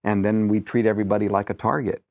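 A man's voice: fairly low pitch, little pitch movement, fast, a little mellow, no echo. A man in a conversational discussion, speaking reflectively in long, winding sentences. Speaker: discussion guest.

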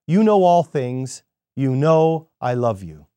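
A man's voice: mid-range voice, big pitch swings, takes it slowly, warm tone, clear, resonant tone, no room sound. A man voicing an impulsive, earnest male disciple who speaks emphatically and pleads, in a scripted sermon reading. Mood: pleading.

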